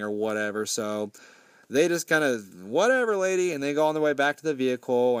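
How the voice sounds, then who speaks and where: A man's voice: mid-range voice, no echo, clean studio sound. Sarcastic, foul-mouthed man recapping a movie. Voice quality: sarcastic, swears often. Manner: animated, mimics characters in quoted lines. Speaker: movie reviewer. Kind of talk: casual profane movie recap.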